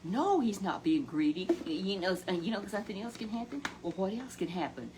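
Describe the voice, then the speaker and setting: A woman telling a Bible story in a folksy, animated way, often exclaiming and addressing a companion by name. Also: mid-range voice, brisk, noisy background.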